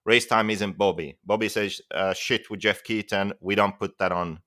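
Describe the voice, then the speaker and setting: A man's voice: on the low side, fairly even intonation, normal speed, pushed and bright. A man co-hosting a casual podcast, blunt and steering the talk, with some swearing. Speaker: podcast co-host.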